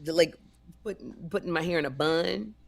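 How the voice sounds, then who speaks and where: A woman co-hosting a comedy podcast, telling stories in a sassy, animated way and acting out voices. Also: deep voice, moderate pace, vocal fry. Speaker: podcast co-host. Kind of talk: casual comedic storytelling.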